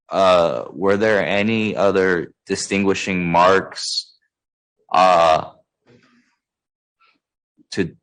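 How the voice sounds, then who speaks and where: A man with a very low voice cross-examines a witness at a hearing, asking measured, courteous questions. He pauses on fillers and picks his words with care. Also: fairly bright tone, low-quality recording. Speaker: defense attorney.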